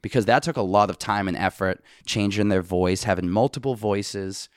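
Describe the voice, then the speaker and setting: A man co-hosting a podcast, with a very low, deep voice. He tells stories in a wry, joking way. The recording is dry and close, with no room sound. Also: moderate pace, clear, resonant tone, no echo. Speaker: podcast co-host. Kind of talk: casual chat.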